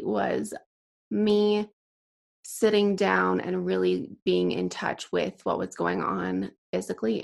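A woman's voice: medium pitch, vocal fry. A young woman hosting a solo podcast, chatty with many fillers and sighs, a bit out of breath. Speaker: podcast host.

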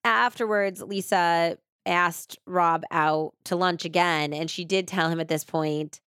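A woman hosting a true crime podcast, retelling the case in a casual, animated way full of quoted voices and asides. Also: lowish voice, measured pace, hardly any pauses, smooth, no echo, studio quality. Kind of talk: casual storytelling narration.

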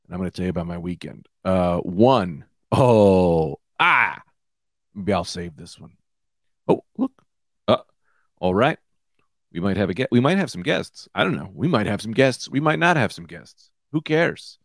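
A man in his thirties hosting his own comedy podcast, high and rambling loosely from one tangent to the next. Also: lively intonation, moderate pace, no echo, studio quality. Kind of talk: casual comedic monologue. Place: small room with lights out.

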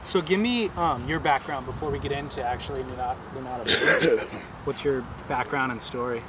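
A man interviewing a surfer and narrating a documentary in a measured, plain way. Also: medium pitch, heavy background noise.

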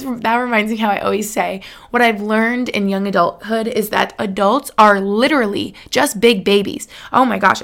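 A woman in her late twenties hosts a solo podcast, chatting casually and emotionally, laughing often and saying "like" a lot. Her medium-pitched voice is a bit bright, with vocal fry.

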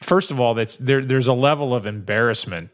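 A man's voice: mid-range voice, a little fast. Man, podcast co-host, casual chat, rambling storyteller, acts out quotes.

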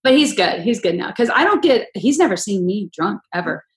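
A woman with a medium-pitched voice speaks briskly as a podcast host, telling stories in a casual chat and acting out what people said like an animated storyteller. The room is echoey and the recording is rough.

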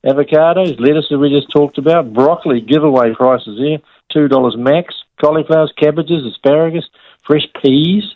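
A man's voice: fairly high pitch, normal speed, no room sound. A man with a New Zealand accent, a fruiterer chatting upbeat and friendly as a weekly radio guest over the phone. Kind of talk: casual radio phone chat. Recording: tinny phone line.

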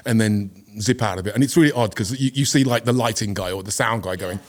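Chatty actor, easygoing storyteller. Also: male voice, on the low side, fast talker. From England. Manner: chatty, self-deprecating storyteller with frequent "you know" and restarts. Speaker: guest actor. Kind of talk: casual chat.

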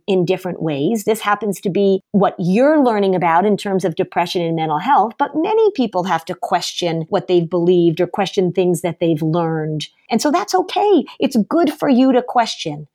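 A woman's voice: mid-range voice, a little mellow. A woman therapist speaking as a podcast guest, earnest and emphatic about her views. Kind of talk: podcast interview.

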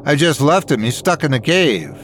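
A man voicing a calm, skeptical male diver who speaks matter-of-factly. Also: on the high side, moderate pace, slight background noise. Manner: matter-of-fact, doubting.

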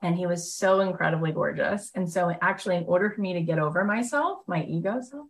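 A woman's voice: on the low side, fast talker. A woman hosting a live motivational workshop, telling stories in a gushing, enthusiastic way with lots of casual fillers. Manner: chatty, heavy use of fillers like "like". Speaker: motivational host and coach.

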